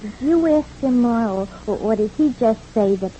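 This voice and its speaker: An actress playing an earnest, doubtful young daughter in 1940s radio acting. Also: female voice, on the high side, animated, moderate pace, dark tone, a little hiss or hum, close to an everyday voice, rough recording. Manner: earnest, plain questioning. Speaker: daughter of the family.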